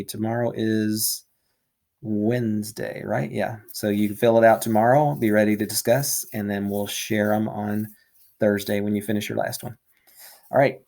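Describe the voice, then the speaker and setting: A man's voice: lowish voice, gravelly, darkish tone. Casual male teacher explaining to kids. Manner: casual, explains words plainly. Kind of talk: reading a novel aloud to students.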